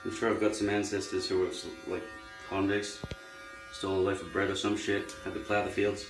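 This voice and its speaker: A man's voice: deep voice, completely flat delivery, fairly quick. Wry rambling Australian man. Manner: rambling, wry, musing aloud. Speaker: vlogger. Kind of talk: casual monologue while trimming hair. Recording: echoey room, faint music. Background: electric trimmer buzzing.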